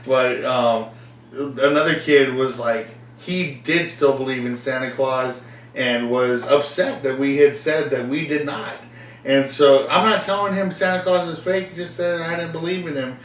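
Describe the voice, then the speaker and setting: Unhurried and medium in pitch, a young man chats casually as a podcast host, rambling along, often laughing and imitating the people in his stories. The sound comes from an echoey room, captured from a distance, with faint noise.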